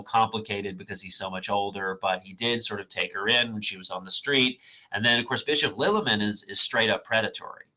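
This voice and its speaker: A man giving a recorded literature lecture in a thoughtful, musing way, often pausing with fillers and restarting his sentences. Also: fairly low pitch, sharp tone, muffled recording.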